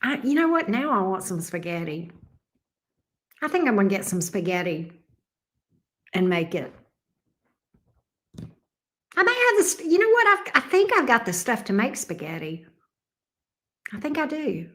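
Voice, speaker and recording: A woman's voice: mid-range voice, sing-song, normal speed, long pauses, a bit bright. A Southern woman from Alabama hosting a live stream, chatting casually and rambling as she reacts to viewer comments. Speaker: tarot reader and live stream host.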